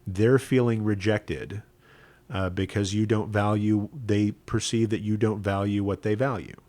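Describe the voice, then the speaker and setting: Man, rabbi, low voice, earnest personal storytelling, conversational, dry close sound. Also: fairly even intonation, a little slow, a little mellow, no echo. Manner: earnest, conversational, often adds "right?".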